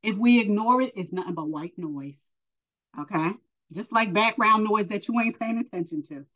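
A woman's voice: mid-range voice, normal speed, fairly bright tone, lo-fi sound. A woman preaching informally and earnestly, encouraging the listener and addressing them as honey, emotional and close to tears. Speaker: spiritual teacher.

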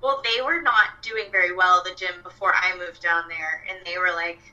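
A woman's voice: fairly low pitch, fairly even intonation, moderate pace, pushed and bright, lo-fi sound. A young woman, a fitness coach, chatting casually with lots of fillers and quoted asides. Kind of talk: casual podcast chat. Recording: voice a bit far from the mic.

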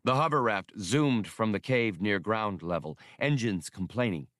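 A man reads an action audiobook with animated storytelling. His voice is low but moves lively up and down. The recording is dry and close. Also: dry recording. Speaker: audiobook reader. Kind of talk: audiobook narration.

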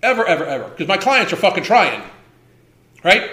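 A man's voice: high voice, sing-song, normal speed, sharp tone, echoey room. A man in his fifties hosting a livestream, ranting with heavy swearing and emphatic repetition. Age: 50s. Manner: profane, heated, emphatic repetition. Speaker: host.

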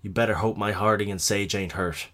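A man voicing a stout older country innkeeper woman who speaks calmly and coldly. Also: lowish voice, fairly quick. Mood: quietly sad. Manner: calm, cold, quietly insistent.

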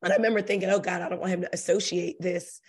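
A woman's voice: lowish voice, little pitch movement, husky. A middle-aged woman in casual conversation on a podcast, telling reflective stories in a chatty way. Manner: chatty, quick bursts of reflective storytelling. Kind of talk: casual chat.

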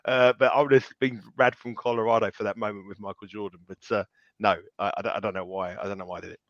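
A man's voice: on the low side, steady tone, fast, fairly bright tone, dry recording. A man co-hosting a betting podcast, telling stories in a rambling, self-mocking way with many restarts. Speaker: podcast co-host, betting tipster. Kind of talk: casual podcast chat. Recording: slightly dull lo-fi sound.

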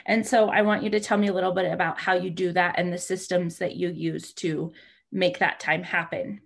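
A woman hosts a casual interview, affirming her guest and posing questions. Her voice sits low with a lot of gravelly fry. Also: flat delivery, moderate pace. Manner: warmly affirming, asks questions. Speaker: podcast host.

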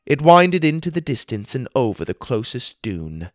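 A man reading a first-person adventure story aloud with a dramatic, expressive delivery. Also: medium pitch, moderate pace, no echo. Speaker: narrator.

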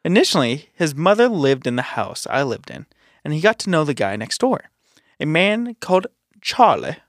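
A man hosting a podcast, reading a listener's ghost story in a steady, matter-of-fact way. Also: a little high, normal speed, no room sound, studio quality. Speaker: podcast host.

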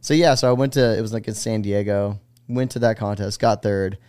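A pro BMX rider in his forties from the United States appears as a guest on a casual interview podcast, telling stories in a rambling, laid-back way packed with fillers. His voice is on the low side, a little fast and a little mellow, clear and resonant with no echo.

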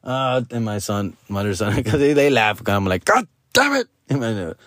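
At a moderate pace, a middle-aged man narrates a story on his podcast, the studio sound clean with no room echo. He keeps it casual with profanity, slang and bits of Spanish, mocking quoted people in loud, high voices.

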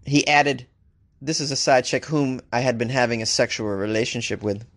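Man, comedian hosting his own podcast; dry close mic, animated and jokey, mid-pitched voice. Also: moderate pace, no echo. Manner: animated, joking, reads news aloud with asides. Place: home studio, Los Angeles.

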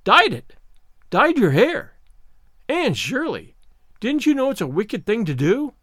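A sharp, stern older woman who scolds briskly, put on by a man reading aloud. Her voice lifts higher and louder than the reader's own, with a dry, close sound. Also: huge pitch swings, dry recording, exaggerated voice. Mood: shocked. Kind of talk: audiobook character reading.

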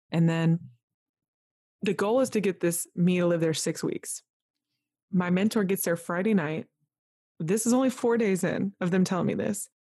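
A woman guest on a podcast telling an emotional personal story in a lively, rambling way, full of "like", acting out what others said. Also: lowish voice, no room sound, clean studio sound. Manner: animated, full of "like", acts out quoted voices. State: tearful at moments.

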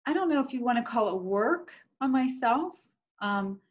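A woman's voice: on the high side, expressive, normal speed. Chatty woman host, lo-fi sound. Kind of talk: casual conversation. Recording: dull lo-fi sound.

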